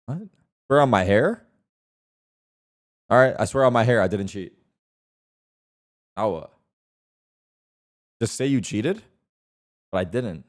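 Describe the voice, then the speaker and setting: Male streamer, young adult, swears a lot, pitch jumps all over, casual live chat. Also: slow pace, long pauses. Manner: animated, swearing, defensive banter with chat.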